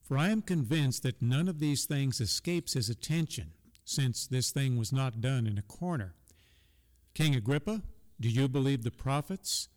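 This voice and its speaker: A man's voice: mid-range voice, lively intonation, normal speed, long reverb tail. A man co-hosting a conversational Bible discussion, reading scripture aloud and affirming his partner often. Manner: reads scripture aloud, gives frequent soft affirmations. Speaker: Bible study co-host.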